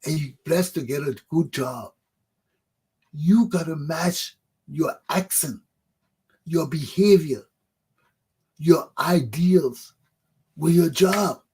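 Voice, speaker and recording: Middle-aged man, Liberian accent, talk show host, emphatic, repetitive, preachy, husky, slightly high voice. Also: slow, pauses often, a little mellow. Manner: emphatic, preachy, repeats phrases. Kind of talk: animated opinion monologue.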